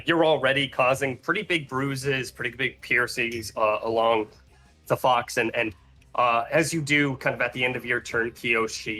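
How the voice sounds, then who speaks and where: A man's voice: mid-range voice, bright, forceful tone. A man narrating as game master, rambling with fillers and restarts. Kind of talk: narrating a tabletop game over a call.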